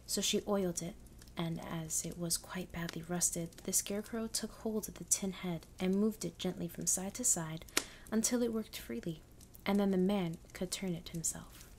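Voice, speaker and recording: A woman reads a storybook as whispered role-play ASMR, her voice mostly an unvoiced whisper. She keeps an even, unhurried pace. A faint hiss sits behind her. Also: lowish voice. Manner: soft-spoken, unhurried reading.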